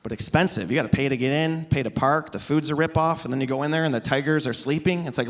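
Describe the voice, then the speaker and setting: A man's voice: a little high, quick pace, hardly any pauses, a little hiss or hum. A man in his thirties doing stand-up on stage into a microphone, sarcastic and teasing the audience. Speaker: comedian. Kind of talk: stand-up comedy. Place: stage before a live audience. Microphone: amplified stage microphone.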